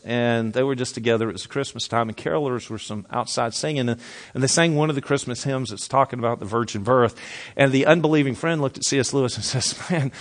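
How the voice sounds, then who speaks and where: A man preaching a sermon emphatically, dropping low for weight and restarting with repeated words. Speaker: pastor.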